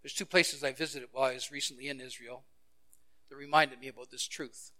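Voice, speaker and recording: A male pastor preaching a sermon. He tells a Bible story and acts out the characters' lines, moving between loud exclamations and hushed, quiet passages. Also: mid-range voice, fairly even intonation, a little fast.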